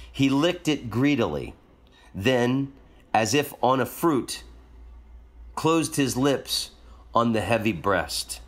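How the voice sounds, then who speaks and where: A man hosting a show, reading a short story aloud in a calm storytelling manner. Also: fairly low pitch. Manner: calm storytelling, jokey afterwards. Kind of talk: reading a story aloud, then casual asides.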